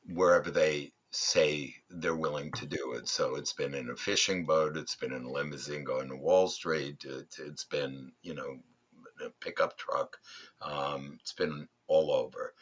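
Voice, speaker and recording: A male podcast guest who leads fatherhood workshops, telling stories in a thoughtful, unhurried way with frequent ums and restarts. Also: very deep voice, fairly bright tone, breathy edge, muffled recording. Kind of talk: reflective interview storytelling.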